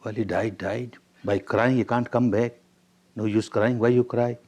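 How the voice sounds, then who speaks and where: A calm, wise old teacher gives plain instructions, as a man voices him. He speaks with an Indian English accent. The teacher is patient and unhurried. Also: mid-range voice, close to an everyday voice.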